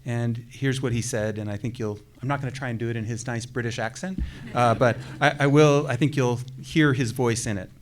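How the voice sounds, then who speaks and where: A man's voice: mid-range voice, steady tone, a little fast. A man at a commencement ceremony reading a colleague's acceptance remarks aloud, chatty and hesitant, with many fillers. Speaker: faculty colleague reading remarks on another's behalf. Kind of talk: podium speech reading a prepared statement.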